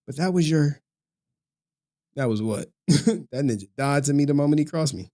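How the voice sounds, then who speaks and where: A man's voice: on the high side, normal speed, dark tone. A young man ranting on a livestream, profane and mocking, often breaking into laughter. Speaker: streamer. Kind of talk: livestream rant.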